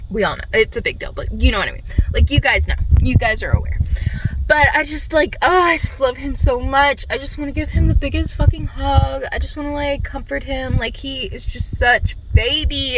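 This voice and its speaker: A young woman chatting casually in a book vlog, animated and quick to swear, filmed on a phone. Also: sits high, background noise. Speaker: book vlogger. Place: at her workplace before clocking in.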